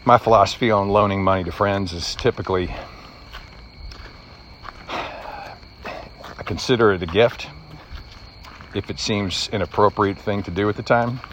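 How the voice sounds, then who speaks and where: A man's voice: on the low side, unhurried, long pauses, fairly bright tone, slight background noise. A middle-aged man telling a personal story in an earnest, reflective way, slightly choked up.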